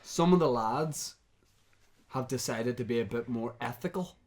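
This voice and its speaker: A man co-hosting a podcast, calmly briefing his partner for a prank call with dry jokes. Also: medium pitch. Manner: deliberate, joking, setting up a prank. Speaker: podcast co-host. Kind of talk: casual chat.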